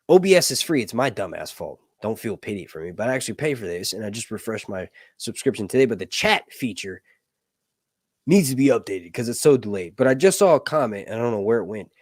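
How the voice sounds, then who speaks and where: A man's voice: medium pitch, no echo, studio quality. A man hosting a casual live stream, rambling and self-deprecating as he thinks aloud. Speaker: channel host.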